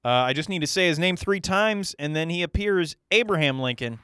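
A man's voice: high voice, fairly quick, sharp tone, smooth, no echo, studio quality. A man hosting a comedy podcast, rambling and joking with many hesitant fillers. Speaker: podcast host. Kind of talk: casual comedy podcast banter.

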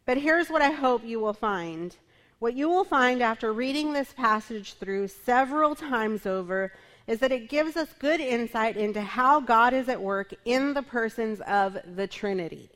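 A woman's voice: a little high, animated, normal speed, a bit bright. A middle-aged woman pastor preaching a sermon in a conversational way, often tagging her points with "right?". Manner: conversational, frequent tag "right?".

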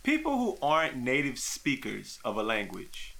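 Male podcast host, casual joking chat, lively up-and-down delivery, bright tone. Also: medium pitch, moderate pace, vocal fry. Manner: animated, joking, profane.

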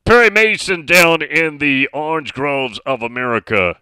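A man's voice: fairly high pitch, measured pace, pushed and bright, clean tone, no echo. A middle-aged man hosting a sports talk radio show, speaking emphatically and reading out listener messages.

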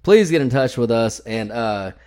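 A man's voice: medium pitch, animated, moderate pace, dark tone, smooth. A man hosting a podcast in a casual, blunt style with plenty of swearing. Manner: profane, blunt, ranting. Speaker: podcast host.

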